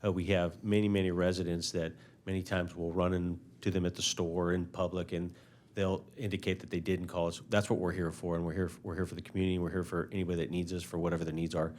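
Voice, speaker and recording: A man speaking as fire chief at a council meeting, halting and full of filler words. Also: low voice, flat delivery, darkish tone, slight background noise.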